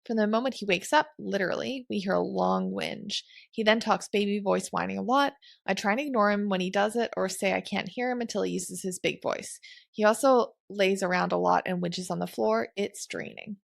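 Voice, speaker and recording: Woman, gravelly voice, reading listener questions, plain and steady, dry close sound. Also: medium pitch, normal speed, dry recording.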